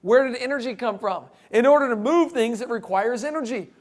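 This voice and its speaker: A man with a strikingly high voice gives a joking lecture to a live audience. He keeps it light and animated, with playful asides. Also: brisk. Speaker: creationist speaker.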